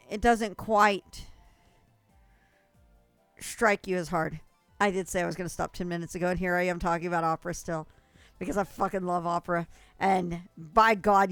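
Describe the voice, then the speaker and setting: A woman's voice: mid-range voice, clean tone, dry recording. A young adult woman streamer chatting casually with viewers, gushing and rambling, with frequent coughs.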